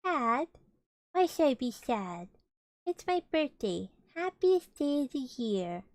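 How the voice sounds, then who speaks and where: A woman's voice: high-pitched, sing-song, slow, no room sound, full character voice. A woman voicing a gloomy, self-pitying old male donkey in a storybook reading, mournful and sarcastic.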